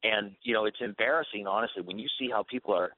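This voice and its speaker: Brief: male radio guest, somewhat low voice, earnest preaching tone, narrow phone-like sound. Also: fast. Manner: earnest, preachy, repeats words as he restarts. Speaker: guest author on Christian faith. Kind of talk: radio talk show interview.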